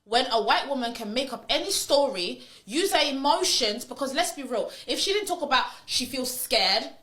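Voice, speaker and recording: A woman in casual podcast chat, telling a story in an animated way and acting out the lines of the people in it. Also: high voice, normal speed.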